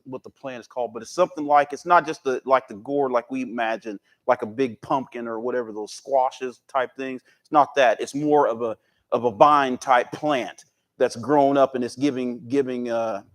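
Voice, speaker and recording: High-voiced american preacher, keeps restarting his words, folksy bible teaching. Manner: halting, repeats words and restarts, folksy and animated.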